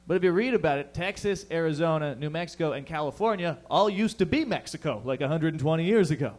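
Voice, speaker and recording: A man's voice: fairly high pitch, animated, fast, few pauses, a little mellow. A young man doing a stand-up set, with profane, rambling, conversational talk. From Canada. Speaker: stand-up comedian.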